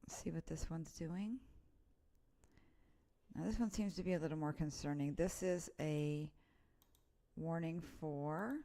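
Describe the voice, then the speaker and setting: A woman with a low voice and a gravelly edge hosts an informal live weather update. She talks through storm warnings in a relaxed, chatty way, reading out place names as she goes. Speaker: weather presenter.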